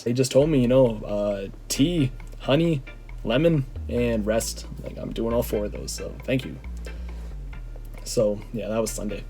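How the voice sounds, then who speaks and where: A slightly hoarse man telling a story in a casual, rambling way, with many "like" fillers. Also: medium pitch, normal speed, darkish tone, faint music behind. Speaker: vlogger.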